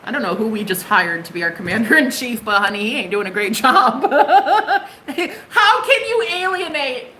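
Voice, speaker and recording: A woman's voice: medium pitch, expressive, moderate pace, sharp tone, slight background noise, poor audio. A young woman from the United States giving a live-stream tarot reading, chatty and bubbly with plenty of swearing. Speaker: tarot reader.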